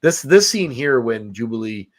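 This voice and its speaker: A man's voice: medium pitch, very animated, moderate pace. A man hosting a podcast, casually recapping a film with many fillers and restarts. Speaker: podcast host. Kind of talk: casual movie review chat.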